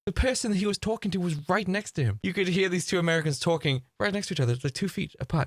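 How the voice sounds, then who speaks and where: Bright-voiced man ranting sarcastically. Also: high-pitched, a little fast, hardly any pauses, dry recording, clean studio sound. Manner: animated, sarcastic, swears freely. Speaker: reaction video host. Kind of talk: casual ranting commentary.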